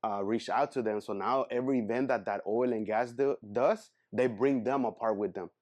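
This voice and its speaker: A man's voice: mid-range voice, moderate pace, darkish tone. Earnest rambling man in his thirties. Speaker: guest speaker. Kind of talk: casual motivational talk.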